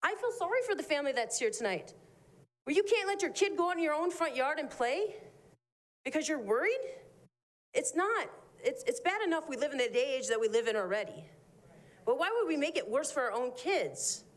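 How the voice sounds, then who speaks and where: A woman's voice: high-pitched, very animated, fairly quick. A woman from the Midwest giving an upset, emphatic public comment at a city planning meeting.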